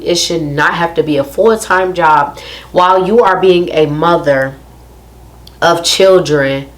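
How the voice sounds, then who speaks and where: A young adult woman, telling a story in a casual, emphatic rant to her viewers and repeating her points. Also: sits low. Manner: emphatic, repeats phrases, addresses viewers directly. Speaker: vlogger.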